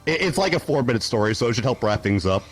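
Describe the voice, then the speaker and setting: Young male podcast host, animated storyteller, laughs and curses, lively pitch. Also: fast talker, faint music behind. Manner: animated, laughing, swears casually. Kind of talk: casual storytelling chat.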